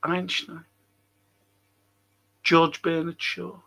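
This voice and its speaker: He's a fan show host going off at his live chat, cursing heavily and arguing in a heated, combative way. The voice is a little high and monotone, with drawn-out words, vocal fry, and a sharp edge.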